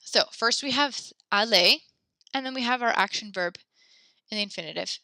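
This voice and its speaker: A woman's voice: fairly high pitch, normal speed, vocal fry, bright, forceful tone, dry recording. A young adult woman teaching a French class, upbeat and encouraging, chatty with fillers as she explains. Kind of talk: online class lesson.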